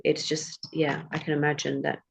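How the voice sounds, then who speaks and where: A woman from England, a podcast guest talking in a relaxed, reflective way. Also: sits low, normal speed, gravelly, husky. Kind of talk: casual interview chat.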